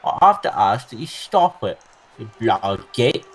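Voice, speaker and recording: A man's voice: sing-song, normal speed, husky, rough recording. A man putting on a Cockney accent to play a mock-annoyed bloke scolding a rival player. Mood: mock indignant. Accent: Cockney, put on. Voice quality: exaggerated put-on accent, raised pitch.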